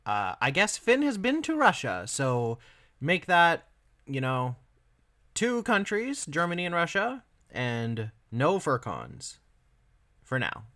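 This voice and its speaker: A man's voice: fairly high pitch, huge pitch swings, slow pace, pushed and bright, dry recording, studio quality. A man giving sarcastic commentary voice-over, making mocking asides. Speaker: commentary video host.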